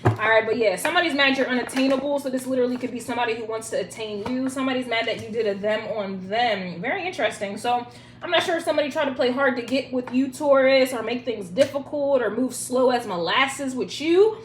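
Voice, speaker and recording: A woman's voice: on the high side, fast. A young woman giving a casual, profane and playful tarot reading, with chanted rhymes. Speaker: tarot reader. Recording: echoey room with loud noise.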